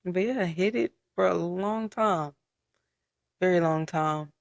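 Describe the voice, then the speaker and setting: A young man telling his personal story in a casual podcast chat, candid and soft-spoken, with frequent fillers. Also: high-pitched, measured pace, vocal fry, no echo. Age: young adult. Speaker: podcast guest.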